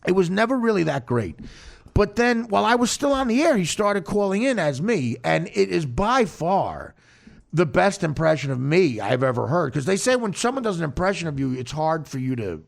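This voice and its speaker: Male podcast host, gravelly and expressive, self-mocking storyteller who stammers. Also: high voice, moderate pace. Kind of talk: casual storytelling chat.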